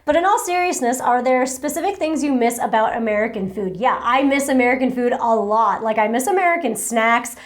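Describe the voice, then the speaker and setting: A bright, high-voiced young woman from New Jersey reads out viewer questions and answers them in a loose, rambling way. She trails off, restarts and pokes fun at herself as she chats into her own microphone at home. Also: expressive, brisk, hardly any pauses. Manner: chatty, rambling, self-deprecating. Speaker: vlogger. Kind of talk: casual Q&A chat. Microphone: battery-powered microphone.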